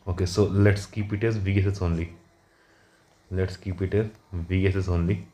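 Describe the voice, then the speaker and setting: A man working through an engineering problem at a whiteboard, halting often with fillers and self-corrections. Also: low voice, level tone, mellow. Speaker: engineering exam tutor.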